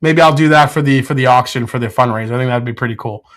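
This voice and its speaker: A man's voice: medium pitch, fast talker, a bit bright. A man hosting a casual live stream from his home whiskey room, laughing often, swearing freely and answering chat. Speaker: whiskey show host.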